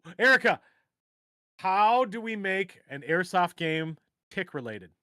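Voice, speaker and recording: Bright-toned joking livestream host, man. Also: high-pitched, big pitch swings, measured pace, dry recording, clean studio sound. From Minnesota. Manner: rambling, jokey, trails off into mumbles. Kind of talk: casual chat.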